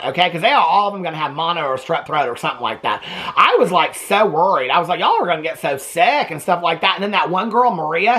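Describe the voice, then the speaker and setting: Gossipy man dishing on reality TV. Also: high voice. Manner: gossipy and animated, peppered with "okay?" and "like". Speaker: TV reaction vlogger. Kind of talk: chatty gossip about a reality show.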